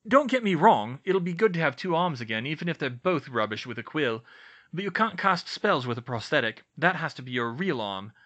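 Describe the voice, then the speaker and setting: A man's voice: fairly high pitch, very animated, brisk, a bit bright, pitched above the performer's own voice. A man doing a weary, good-natured young man. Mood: weary, friendly. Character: weary, injured but friendly young man.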